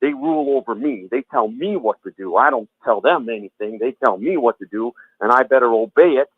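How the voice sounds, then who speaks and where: A man's voice: medium pitch, expressive, a little fast, slightly rough, no echo. A man, a former Jehovah's Witness, talking in a heated conversation, rambling and repeating himself with blunt, profane words. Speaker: former Jehovah's Witness sharing his story. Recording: tinny phone-line audio, dry.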